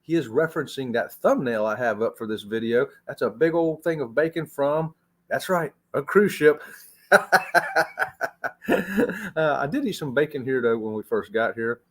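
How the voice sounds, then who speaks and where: A man's voice: mid-range voice, animated, normal speed. A man from Florida hosting a casual travel livestream from a hotel room, chatty and laughing often, calling his viewers y'all. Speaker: travel channel host.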